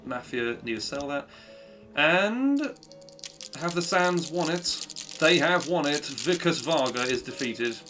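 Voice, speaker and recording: A man's voice: on the high side, lively intonation, slow pace, pushed and bright, soft background music. A man chatting upbeat through a live speedrun, cheering his own progress and making asides to his stream viewers. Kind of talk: live gameplay commentary.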